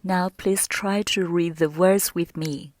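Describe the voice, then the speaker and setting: A woman teaching Mandarin pronunciation, carefully demonstrating each tone in drawn-out syllables. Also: fairly low pitch, steady tone, a little mellow, dry recording, studio quality. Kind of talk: pronunciation lesson.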